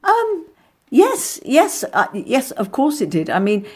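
A woman's voice: sits high, slow. Middle-aged woman, actress, chatty, anecdotal, frequent restarts, interview. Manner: chatty, animated storyteller with many restarts.

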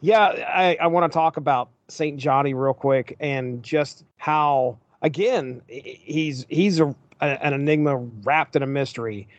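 A man with a slightly high voice chats animatedly on a comic-book podcast. His mic sounds dry and dull, with no room around it and a lo-fi edge. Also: measured pace, hardly any pauses, no room sound. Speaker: podcast panelist. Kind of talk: casual chat.

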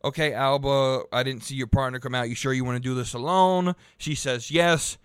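A man's voice: medium pitch, fairly even intonation, moderate pace, smooth, no room sound. A young man hosting a podcast, ranting heatedly with lots of swearing and stumbling restarts. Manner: profane, heated, rambling with restarts. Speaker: podcast host reviewing wrestling. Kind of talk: casual ranting commentary.

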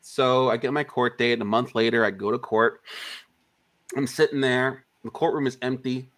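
A man's voice: mid-range voice, normal speed. A man, an indie filmmaker being interviewed, telling a long anecdote in casual, profane speech and acting out the other people's lines. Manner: animated, profane, acts out quoted dialogue.

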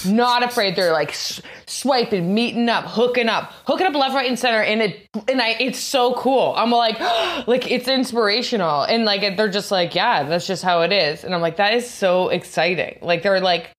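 A woman's voice: fairly high pitch, expressive, normal speed, few pauses. A young adult woman comedian with a Canadian accent, chatting casually on a podcast and rambling with lots of "like" fillers. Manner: rambling, full of "like" fillers, laughs often. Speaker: comedian guest.

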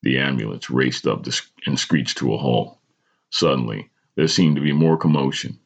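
Speaking at a moderate pace, this man has an extremely low, creaky voice as he hosts a podcast. He reads a personal story with dramatic flair and occasional stumbles, captured on a dull lo-fi recording.

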